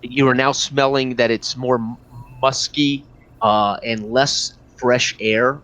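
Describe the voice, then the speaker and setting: A man narrating as game master in a tabletop game, describing scenes with frequent pauses and fillers. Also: mid-range voice, fairly even intonation, a bit bright. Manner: hesitant, many fillers and restarts. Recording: dull lo-fi recording.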